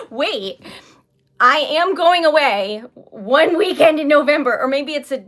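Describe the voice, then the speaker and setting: A woman's voice: high voice, expressive, slow, a bit bright. A young woman with a Rhode Island accent, chatting casually on a livestream with viewers, giggly and easily sidetracked. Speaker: livestreaming poet and craft seller.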